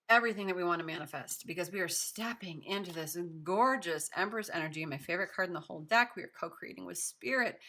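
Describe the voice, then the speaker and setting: A woman giving a casual tarot reading to camera, chatty and gushing with many fillers, her voice raspy from smoke. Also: fairly low pitch, pushed and bright. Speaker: tarot reader.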